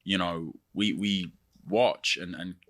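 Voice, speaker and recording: A man's voice: low voice, takes it slowly, heavy background noise. A British man from the UK answering in an interview, thoughtful and hesitant with lots of fillers.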